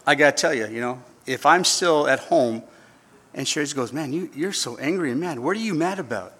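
A man's voice: a little high, expressive, brisk, a bit bright, slightly rough. A man in his fifties preaching a sermon, telling stories with humor and acting out voices. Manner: storytelling with acted-out voices and humor. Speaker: pastor.

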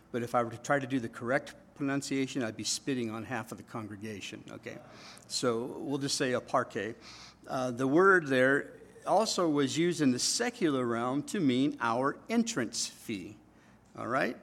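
A man preaching a sermon in a church, his voice sitting at an ordinary middle pitch. He talks to the congregation like a conversation and keeps checking in with them. He shifts between loud, emphatic bursts and quiet, low asides. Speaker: pastor.

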